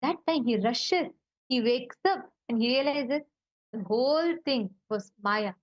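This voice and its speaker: A woman narrating a spiritual tale in a high, quick-changing voice. The sound is dull and lo-fi but dry and close. She speaks in an animated way and sprinkles in fillers. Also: no echo. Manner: animated, with fillers like "uh" and "you know". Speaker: devotee giving a spiritual talk. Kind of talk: storytelling spiritual talk.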